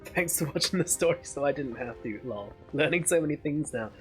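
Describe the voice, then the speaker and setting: Chatty swearing game streamer. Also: male voice, fairly high pitch, lively intonation, a little fast, faint music behind. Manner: chatty, swearing, laughing often. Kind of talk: casual live game commentary.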